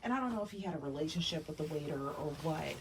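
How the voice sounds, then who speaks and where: A woman vlogger and personal stylist sorts clothes in her dressing room while chatting casually, voice only with the camera off. Her voice is low, animated, and fast over a noisy background, and she's chatty and emotional, choking up at times.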